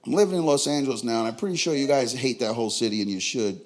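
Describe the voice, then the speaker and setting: A man's voice: medium pitch, racing. A young man with a Tulare, California accent performing a profane, brash stand-up comedy set. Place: comedy club.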